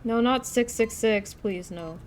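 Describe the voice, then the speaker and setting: Excitable young woman streamer chatting. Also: a little high, measured pace, a little hiss or hum. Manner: chatty, excitable, talks to chat. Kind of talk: casual live-stream chat.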